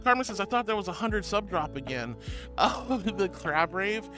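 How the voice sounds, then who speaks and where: A woman's voice: medium pitch, big pitch swings, normal speed, over music. A woman streaming casually, reading chat aloud in an affectionate, giggly way, calling viewers sweetie and honey and often repeating herself. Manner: rambling, repeats phrases. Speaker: VTuber streamer.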